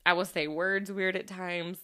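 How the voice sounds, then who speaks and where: A woman's voice: on the low side, flat delivery, unhurried, sharp tone, clear, resonant tone. Chatty woman who laughs a lot. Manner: chatty, laughs often, rambling with restarts. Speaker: podcast host and former teacher. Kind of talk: casual chat.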